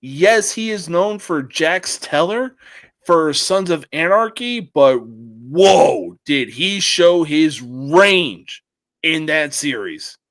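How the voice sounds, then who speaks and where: A man co-hosting a casual podcast with a high, very lively voice that swoops up and down. He speaks at an unhurried pace, swearing as he spins animated stories. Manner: profane, animated storyteller. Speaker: podcast co-host. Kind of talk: casual chat.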